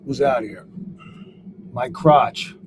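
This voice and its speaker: A man on a live stream, swearing a lot and talking excitably while he reads out viewers' names and goes over his trades. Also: medium pitch, very slow. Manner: profane, excitable, shouts out chat viewers. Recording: steady background noise.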